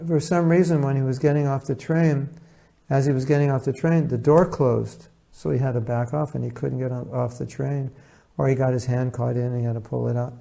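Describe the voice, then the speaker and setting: A man's voice: medium pitch, gravelly, mellow. A man giving an informal spiritual talk on relationships, conversational and acting out little dialogues as he tells stories. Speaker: spiritual teacher.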